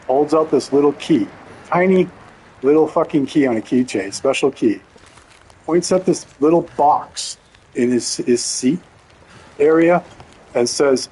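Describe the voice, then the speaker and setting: Male game streamer, mid-pitched voice, loose and profane, rambles through a story while playing. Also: darkish tone, a little hiss or hum, rough recording. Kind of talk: casual storytelling while gaming.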